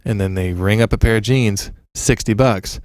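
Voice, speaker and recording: Male podcast co-host, low-ish voice, lively joking delivery, dry close mic. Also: normal speed, dry recording. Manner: animated storyteller, bursts into high excited impressions. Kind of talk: casual chat.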